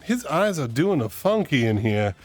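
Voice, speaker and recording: A man's voice: medium pitch, very animated, normal speed, darkish tone, faint music behind. A man hosting his live stream, telling rambling, self-mocking stories in a playful, casual way. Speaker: streamer host. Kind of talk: casual storytelling chat.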